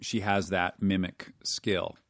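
A man chatting as a podcast guest, joking in a dry, deadpan way. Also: sits low, slow, dry recording. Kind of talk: casual chat.

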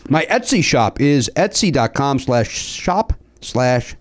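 A man with a Chicago accent chats on a podcast at an ordinary middle pitch. He rambles and stops often on fillers as he reads aloud and jokes. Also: very animated. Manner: rambling, halting delivery with many fillers. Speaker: podcast co-host. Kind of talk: casual podcast banter.

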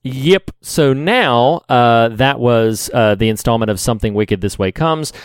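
A man co-hosting a podcast in casual chat, measured and pausing often with "uh". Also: mid-range voice, lively intonation, clear, resonant tone, no echo. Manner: measured, with many "uh" pauses. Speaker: podcast co-host.

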